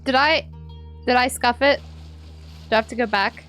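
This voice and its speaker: A woman with a high voice streams a game, talking to her chat in a loose, playful way and cursing when things go wrong. Faint music plays under her commentary. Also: moderate pace, fairly bright tone. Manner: playful, swears freely, talks to chat. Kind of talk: casual gameplay commentary.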